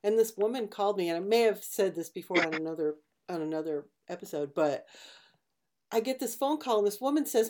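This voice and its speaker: Relaxed woman chatting about relief work. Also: medium pitch, a little fast, a little hiss or hum. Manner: relaxed, backchannels often, tells stories with laughter. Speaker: disaster relief worker. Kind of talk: casual podcast chat.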